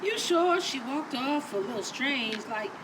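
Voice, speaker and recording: A sassy, impatient cane master , voiced by a woman, who teases bluntly and speaks slowly in a high voice. Heavy background noise runs under every line. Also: expressive. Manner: teasing, blunt.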